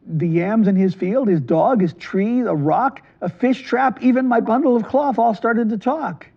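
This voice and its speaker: A man doing a panicked, high-pitched farmer. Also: unhurried, creaky, muffled recording, full character voice. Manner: urgent, high, excited. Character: panicked, breathless male farmer fleeing talking things.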